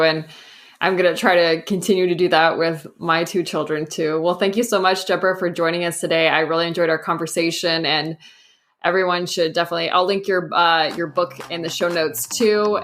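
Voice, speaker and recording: A woman's voice: low voice, a bit bright. A woman hosting a casual interview, asking questions and thanking her guest. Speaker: podcast host.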